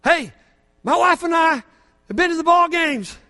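An older man preaching a sermon as pastor, fervent, moving from quiet asides to shouting praise, in a church. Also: extremely high pitch, animated, moderate pace. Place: church sanctuary. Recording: long hall reverb from a church.

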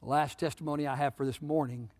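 A man preaching a sermon as pastor, swinging between loud peaks and hushed low passages, retelling scripture stories. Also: fairly even intonation, fast talker. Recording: long hall reverb.

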